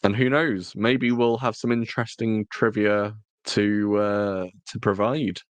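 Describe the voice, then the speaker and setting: Rambling man, smooth low voice. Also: steady tone, measured pace, dry recording. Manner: rambling, self-correcting, jokey. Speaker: podcast co-host. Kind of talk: casual chat.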